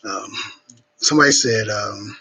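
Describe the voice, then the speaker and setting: Husky bright-voiced guy on a home livestream, blunt dating advice, lots of ums, kinda sniffly. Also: lowish voice, a little slow, poor audio. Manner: frank, blunt, swears casually, many ums and restarts. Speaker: relationship advice livestream host. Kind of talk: casual live Q&A chat.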